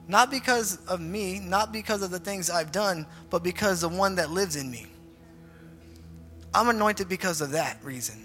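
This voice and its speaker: This man's voice sits high and fairly bright, moving at a normal speed with frequent pauses. As a youth pastor, he leads a group prayer during a casual, repetitive youth sermon with an altar call. The church hall echoes, and faint music plays underneath.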